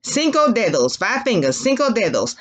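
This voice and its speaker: A woman's voice: medium pitch, sing-song, normal speed. A woman teacher leading young children through a language lesson, with sing-song call-and-repeat drills and playful animal sounds.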